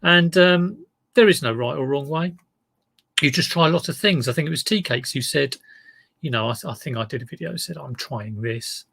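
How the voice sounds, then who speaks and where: A man's voice: a little high, fairly quick, gravelly, fairly bright tone. A man, chatting casually on a live stream as an online reseller, greeting viewers by name and rambling into asides. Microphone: desk mic in front of him.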